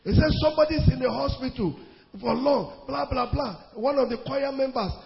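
A man with a Nigerian accent preaching a sermon as pastor, emphatic, repeating phrases and swinging between loud and hushed. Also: very high-pitched, fairly quick, vocal fry. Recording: long hall reverb, dull lo-fi sound.

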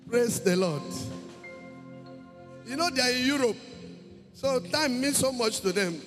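A man preaches in a high voice, repeating his points and lifting into shouted praise. His words ring with a long hall reverb, with soft music faint underneath. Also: lively intonation, a little slow. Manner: emphatic, repetitive, breaking into shouted praise. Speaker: pastor. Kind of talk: sermon.

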